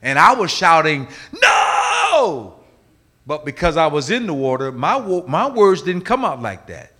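A male preacher delivering a sermon with a bright, forceful voice. His pitch leaps around with animated energy, and his delivery moves between hushed, drawn-out phrases and loud, driving ones. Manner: dramatic storytelling, swinging between hushed and loud.

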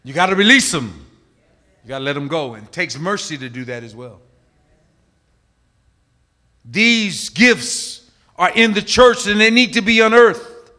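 A middle-aged male pastor preaching a sermon, emphatic, swinging from loud calls to hushed asides. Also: sits high, animated, a little slow, pauses often.

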